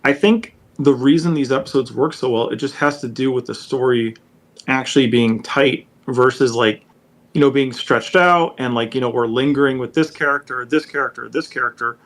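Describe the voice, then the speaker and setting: Man, podcast co-host, casual, rambling, filler-heavy, mid pitch. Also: moderate pace, fairly bright tone. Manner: rambling with many fillers like "you know" and "um".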